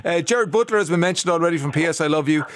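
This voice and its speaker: A man presenting a radio chat show, brisk and chatty, reading listener messages aloud. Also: fairly high pitch, dry recording. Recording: dry studio mic.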